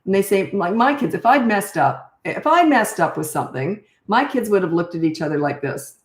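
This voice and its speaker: An older woman coaches parents in casual conversation, blunt and no-nonsense, frequently acting out what parents and children say. Her medium-pitched voice is expressive, her pace moderate, and the sound is roomy.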